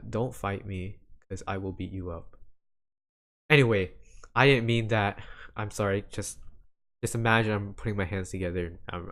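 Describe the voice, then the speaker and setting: A man hosting a casual solo podcast, rambling and self-deprecating and apologizing often. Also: on the low side. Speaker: podcast host.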